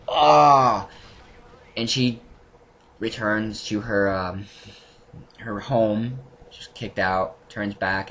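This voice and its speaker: A man with a fairly low voice talks through an anime episode in a loose, rambling way, stopping and restarting often and breaking into animated asides. He records at home, and a faint hum sits in the background. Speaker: anime reviewer. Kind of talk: casual spoken recap. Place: home room.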